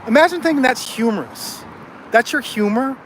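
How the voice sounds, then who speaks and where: A man's voice: extremely high pitch, animated, moderate pace, fairly bright tone, slight background noise. A man ranting angrily on a livestream from a city street, swearing and taunting a rival, recorded on a cell phone. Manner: angry, profane, taunting.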